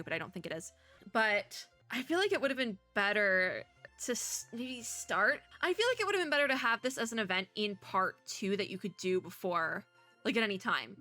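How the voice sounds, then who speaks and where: Young woman streamer, bright tone, chatty let's-play rambling, voice wearing thin. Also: mid-range voice. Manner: chatty, rambling, laughs often. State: losing her voice. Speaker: gaming content creator. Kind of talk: casual let's-play commentary.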